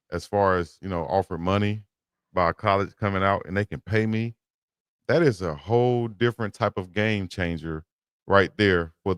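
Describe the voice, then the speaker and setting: Low-voiced dude chilling on a sports talk show, slangy, laid-back. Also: male voice, clear, resonant tone, no echo. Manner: relaxed, slangy, gives shout-outs. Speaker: co-host.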